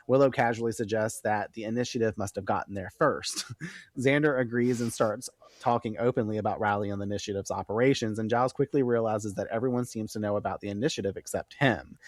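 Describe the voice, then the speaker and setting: A young man hosting a podcast, recapping an episode in an animated, chatty and profane way. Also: lowish voice, no echo, clean studio sound. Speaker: podcast host.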